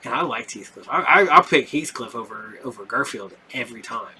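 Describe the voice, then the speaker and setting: A man's voice: medium pitch, animated, brisk, bright, forceful tone, slightly rough, low-quality recording. A man hosting a podcast in casual, rambling chat with lots of fillers. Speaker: podcast host.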